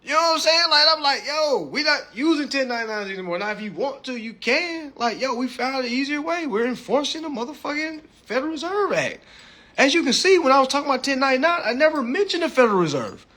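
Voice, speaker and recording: A man's voice: very high voice, lively intonation, fast talker, bright, forceful tone. A young man hosting a live stream, teaching his class in a casual, profane rant that keeps checking in with "all right?". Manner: emphatic, profane, repeats points with "all right?". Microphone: phone.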